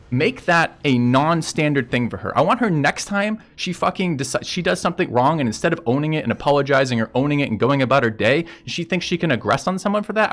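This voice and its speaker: A man's voice: on the high side, fairly bright tone. A man streaming and telling a story in casual chat with viewers, blunt and profane as he rants about a road dispute.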